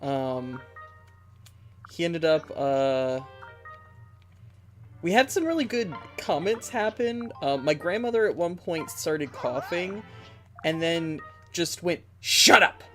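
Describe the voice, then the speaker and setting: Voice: mid-range voice, very animated, takes it slowly, long pauses, a little mellow, soft background music. A streamer telling a rambling, giggly story in casual chat with viewers, with many fillers along the way. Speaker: game streamer.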